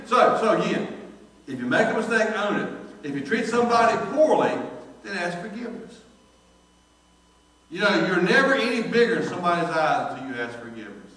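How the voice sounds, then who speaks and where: A man, a pastor preaching a sermon and telling folksy stories, quoting the people in them with lively voices. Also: a little high, a little fast. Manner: folksy storytelling, animated quoting of others. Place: church sanctuary. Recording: distant echoey church recording.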